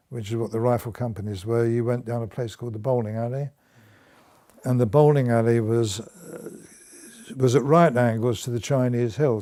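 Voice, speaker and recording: A man's voice: mid-range voice, warm tone. An older man, a war veteran, recounting his service in an oral history interview, laughing at times and restarting his sentences. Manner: storytelling with chuckles and restarts.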